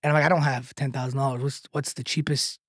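A man, a comedian and content creator, telling a long anecdote in a podcast chat, animated and tagging lines with "right?", laughing now and then. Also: mid-range voice, quick pace, breathy edge, no room sound, studio quality. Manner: laughs through his own story.

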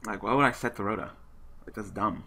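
A man's voice: on the low side, fairly quick, gravelly, pushed and bright. A man giving casual commentary while playing an online card game, muttering his moves to himself and then laughing and ranting at an opponent who quit. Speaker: gaming channel host.

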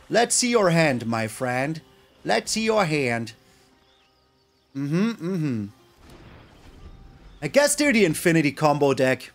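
Guy doing card game commentary, high voice, swoops all over, faint music behind. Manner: animated, exclaims and groans at plays. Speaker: gaming channel host. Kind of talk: live gameplay commentary.

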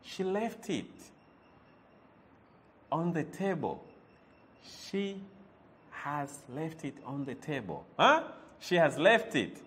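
A man's voice: on the high side, big pitch swings, takes it slowly, pauses often, fairly bright tone, a little hiss or hum. A man teaching a language lesson, repeating words and quizzing the listener with "eh?" as he goes. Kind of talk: lively spoken language lesson.

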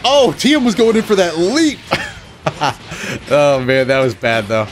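A man with a slightly raised voice talks through his own fighting-game matches, groaning at his mistakes and cheering his comebacks. Loud game music plays behind him the whole time. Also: fairly high pitch, measured pace. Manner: excitable, groaning and self-mocking as he plays. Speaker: gaming channel host. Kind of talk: live gameplay commentary. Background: game music and sound effects.

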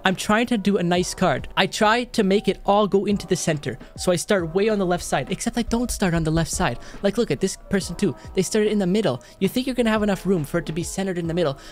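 A man chats casually into a headset mic while reacting to clips. He talks with lively, swooping pitch and exasperated outbursts broken up by laughs. Faint music plays underneath. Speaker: reaction video host. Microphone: headset microphone.

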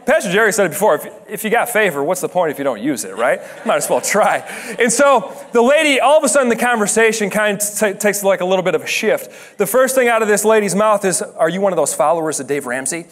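High-voiced young man preaching. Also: animated, brisk. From Dutch heritage. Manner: chatty, jokey, builds to shouted emphasis. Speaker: guest preacher. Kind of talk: conversational sermon with storytelling.

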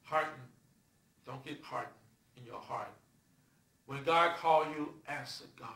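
A man preaching a sermon, emphatic and swinging between loud and soft. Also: high-pitched. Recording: echoey room from far off.

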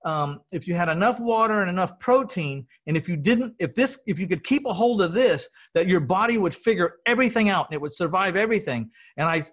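A man's voice: sits high, animated, fairly quick, few pauses, a bit bright. A middle-aged man from Texas telling his story in an earnest, rambling way, often restarting his sentences. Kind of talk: casual conversational storytelling.

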